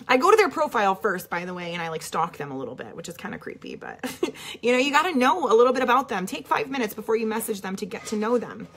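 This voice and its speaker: Upbeat woman at home coaching her team, rapid and chatty, a touch high. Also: big pitch swings, fairly bright tone, slightly rough. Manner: bubbly, chatty, peppered with "okay?". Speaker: network marketing coach. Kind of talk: casual coaching to camera. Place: at home with children nearby.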